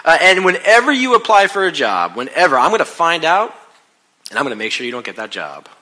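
A harsh billionaire boss scolds an employee with indignant fury, as a pastor acts him out in a sermon. His bright, forceful voice sits somewhat high. He drives each accusation home with a hard edge. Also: sing-song, a little fast, full character voice. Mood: angry.

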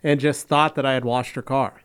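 A man's voice: mid-range voice, normal speed, clear, resonant tone. A man hosting a podcast, talking casually with dry, joking humor. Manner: dry, joking, relaxed delivery. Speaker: podcast host. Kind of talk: casual chat.

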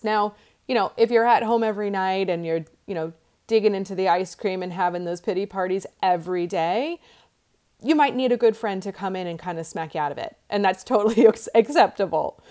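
A woman's voice: mid-range voice, a little mellow. A woman coach speaking to her listeners in a conversational, encouraging way, with many fillers. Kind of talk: podcast monologue.

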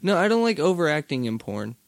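A man's voice: on the high side, sing-song, a little fast, gravelly, dry recording. A man co-hosting a podcast, trading crude, teasing banter in casual chat. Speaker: podcast co-host.

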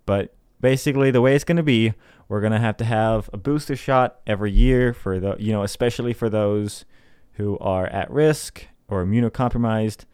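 Speaking at normal speed in a low-leaning, darkish, clean voice, a young man hosts a podcast and vents in a casual, exasperated monologue. He swears and mocks those he argues against, and the clean studio sound has no room sound.

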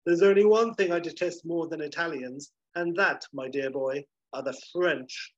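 A man voicing a haughty upper-class English gentleman criminal, clipped and disdainful, with a husky voice. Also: fairly high pitch, measured pace, muffled recording.

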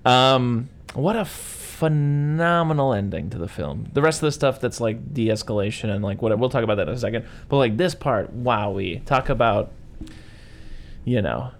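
A man in casual film talk, enthusiastic and acting out lines from the movie in quick voices. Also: medium pitch, expressive. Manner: enthusiastic, acts out quotes in voices.

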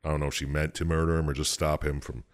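Deep-voiced man rambling through a recap. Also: flat delivery, fast. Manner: rambling, profane, jumps into silly quoted voices. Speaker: podcast co-host recapping a game story. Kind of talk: casual chat.

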